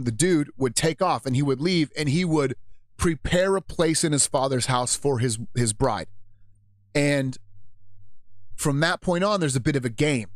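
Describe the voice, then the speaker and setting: A man's voice: mid-range voice, dry recording. A man hosting a live radio show, rambling casually and jokily about faith and his marriage, often laughing at himself.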